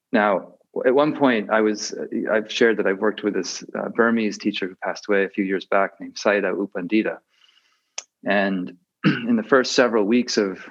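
A man giving a reflective dharma talk as a meditation teacher. He often hesitates with fillers and restarts his sentences. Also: lowish voice. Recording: dull muffled audio.

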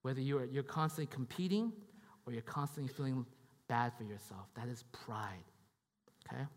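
A man's voice: medium pitch, moderate pace, in a large hall. A man preaching a sermon in a conversational way, often repeating himself and checking in with the congregation. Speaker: pastor.

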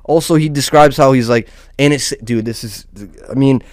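A man riffing in casual, profanity-laced commentary, rambling and restarting his sentences as he goes. His voice comes through smooth and resonant, recorded dry and close with no room sound. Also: medium pitch, moderate pace, dry recording. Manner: rambling, loose, with frequent restarts and "dude". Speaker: host of a small online channel.

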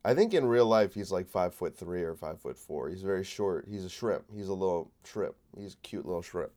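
A man's voice: deep voice, expressive, brisk, darkish tone. A man hosting a solo comedy podcast while sick, rambling and swearing in a sardonic rant. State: sick with a cold. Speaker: podcast host.

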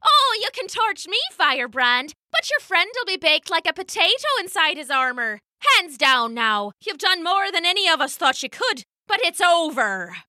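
Lady putting on a mocking pirate woman, pitched way up, taunting in a storybook. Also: very animated, moderate pace, hardly any pauses, sharp tone, no echo, clean studio sound, exaggerated voice. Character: cocky, cackling adult woman pirate.

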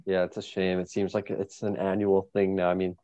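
A man co-hosting casual sports chat, measured and thoughtful, with small hesitations. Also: deep voice, completely flat delivery, dark tone, no echo, dull audio.

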